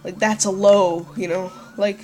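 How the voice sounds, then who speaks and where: A woman's voice: mid-range voice, steady tone, unhurried, a little mellow, soft background music. A woman hosting a let's play, talking casually and profanely with lots of "like" and "dude". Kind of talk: gameplay commentary.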